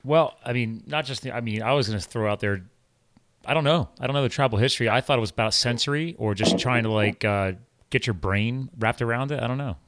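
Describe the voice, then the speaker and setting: A man hosting a podcast, chatting casually and jumping in with quick questions. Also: mid-range voice, fairly bright tone, slight background noise. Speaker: podcast host. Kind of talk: casual interview chat.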